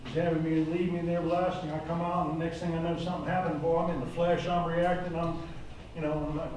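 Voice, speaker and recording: A man's voice: fairly high pitch, steady tone, brisk, noisy background. An older man preaching a sermon to a recovery program group, earnest and plain-spoken, rising to urgent exhortation. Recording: echoey room, voice from far off mic.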